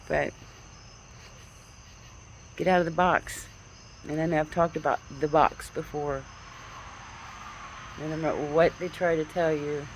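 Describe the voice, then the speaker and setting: A woman's voice: sits low, slight background noise, low-quality recording. A woman vlogger telling a dream and giving spiritual encouragement in a rambling, earnest way, repeating her phrases, speaking outdoors on her porch at night into a phone. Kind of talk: casual storytelling monologue. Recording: crickets and insects chirping outdoors. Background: crickets, insects, passing vehicles.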